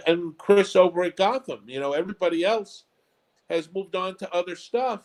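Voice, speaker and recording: A man, a comedy club owner and guest, talking in a casual interview in a measured, thoughtful way. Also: on the high side, a little mellow, rough recording.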